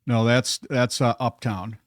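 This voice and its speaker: A man co-hosting a laid-back podcast tells family prank stories with animated energy, breaking into laughter. His voice sits at a middling pitch. The sound is close and dry, with no room around it. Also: measured pace, dry recording. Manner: animated storyteller, laughs while telling. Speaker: podcast co-host. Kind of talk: casual chat.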